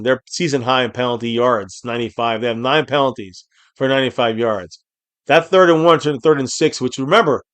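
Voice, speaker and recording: A man hosting a live game reaction stream, calling plays, reading viewer comments aloud, and erupting into shouts on big plays. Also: medium pitch, no room sound.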